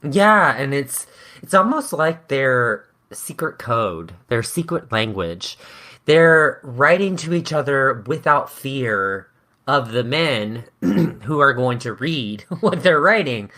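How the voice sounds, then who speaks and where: A woman's voice: a bass voice, lively intonation, slow pace, fairly bright tone. A woman co-hosting a podcast, explaining history in a chatty, giggly way. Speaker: podcast co-host. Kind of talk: casual history chat.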